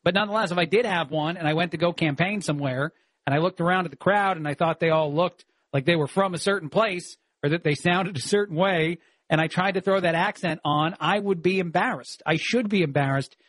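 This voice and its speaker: A man filling in as a talk radio host, giving animated, opinionated commentary with frequent "uh" fillers. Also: on the high side, a little fast, no echo.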